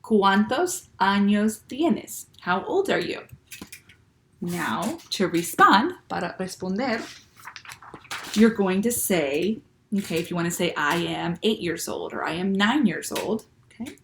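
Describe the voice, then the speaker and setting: A woman teacher walks young children through a lesson in a patient, clear voice. She pauses often to check that they follow. Her voice sits a little low. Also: animated, fairly bright tone, slight background noise. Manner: patient, slow and clear, with many "okay?" checks. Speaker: Spanish teacher.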